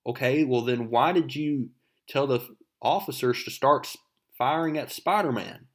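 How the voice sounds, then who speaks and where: A man's voice: medium pitch, moderate pace, close to an everyday voice. A man reading aloud and voicing a stern woman police captain who barks orders in a comic book recap. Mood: commanding. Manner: barking orders.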